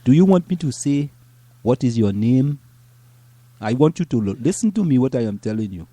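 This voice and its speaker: A man's voice: a little high, a little fast, dark tone, dry recording, lightly acted. A man putting on a stern scolding accent. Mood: mock stern. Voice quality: stern, insistent questioning. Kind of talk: comic impression in banter.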